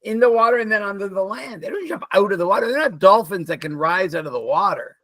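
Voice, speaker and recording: Male co-host, casual chat, high voice, swoops all over, dry close sound. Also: fast, no echo. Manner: animated storyteller, acts out characters in quotes. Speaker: podcast co-host.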